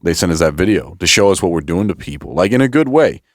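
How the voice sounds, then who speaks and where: A man's voice: low-pitched, very animated, fast talker, dry recording, studio quality. A man co-hosting a podcast in casual chat, joking around and slipping into goofy voices for quotes. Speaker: podcast co-host.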